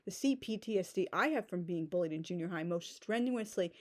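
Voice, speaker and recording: A woman's voice: on the low side, animated, brisk, a little mellow. A woman in her forties giving a sarcastic, exasperated rant as a book reviewer. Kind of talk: ranting book critique.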